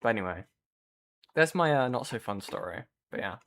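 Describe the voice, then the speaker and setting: A man's voice: on the low side, expressive, fairly quick, gravelly, fairly bright tone. A man streaming, chatting casually with viewers and rambling through a story with lots of fillers.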